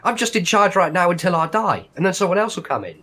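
A man's voice: high-pitched, big pitch swings, fast talker, a bit bright, a little hiss or hum, voice pushed up. A man voicing a big, smug, swaggering male pickle gang boss in a tabletop game. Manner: swaggering, boastful.

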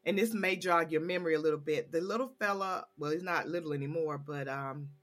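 Lively Southern host woman. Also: low-pitched, brisk. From Georgia, USA. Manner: warm and enthusiastic, says y'all. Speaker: podcast host. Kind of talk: casual podcast chat.

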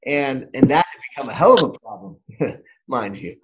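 A man's voice: medium pitch, lively intonation, moderate pace, background noise. A middle-aged man hosting a podcast, telling a story in a loose, rambling way with many restarts. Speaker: podcast host. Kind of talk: casual podcast conversation.

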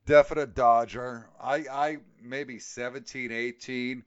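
A man with a middle-pitched voice chimes in with blunt, crude remarks during casual podcast chat. The sound is a bit muffled and lo-fi. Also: steady tone, slow pace. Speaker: podcast co-host.

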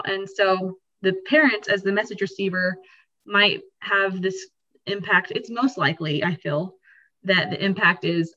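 A woman hosting a podcast, explaining ideas in a lively, conversational way and acting out what people might feel. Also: medium pitch, a little slow, muffled recording. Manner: animated, acts out quoted feelings. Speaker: podcast host.

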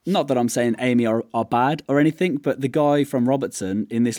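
Relaxed man telling stories, dry sound. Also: mid-range voice, brisk, no echo. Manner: relaxed storyteller, quotes people in lively asides. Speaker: podcast co-host. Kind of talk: casual chat.

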